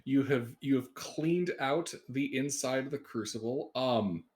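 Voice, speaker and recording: A man's voice: mid-range voice, a little slow, a little mellow. A man running a tabletop game as game master, in an easygoing way.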